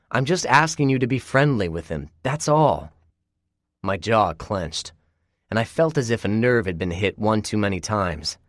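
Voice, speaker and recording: A man's voice: fairly low pitch, no echo, studio quality. A man narrating a first-person audiobook and voicing its dialogue with a tense, clipped delivery.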